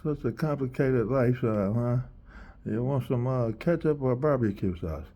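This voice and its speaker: A man's voice: mid-range voice, normal speed, mellow, lo-fi sound. A man chatting casually and rambling, laughing often and sometimes dropping to a whisper.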